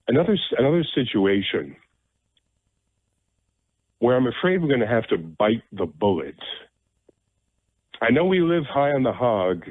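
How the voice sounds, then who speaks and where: Blunt New radio talk host. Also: male voice, mid-range voice, sing-song, a little slow, pauses often, husky, no room sound. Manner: blunt, rambling, emphatic repetition. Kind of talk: opinionated radio monologue. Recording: narrow phone-like radio sound, dry.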